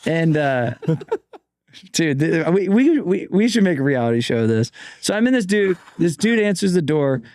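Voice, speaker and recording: A podcast guest in his thirties tells wild anecdotes in a bright, high voice, laughing through them and dropping casual slang and curses. The sound is dry and close, picked up by a studio mic. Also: big pitch swings, unhurried, no echo. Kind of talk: animated storytelling.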